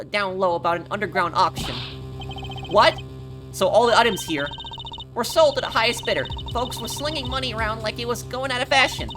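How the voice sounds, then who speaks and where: A woman voicing a brash, folksy young woman photographer with a put-on Southern drawl, pitched above her own voice. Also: close to an everyday voice. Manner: chatty, folksy, higher than her own voice. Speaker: game voice-over player.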